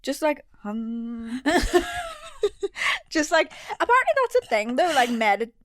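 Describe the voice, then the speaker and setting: A woman's voice: sits high, huge pitch swings, takes it slowly, a bit bright, dry recording, studio quality. A young woman, chatting frankly and giggling as a podcast co-host. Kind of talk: casual chat.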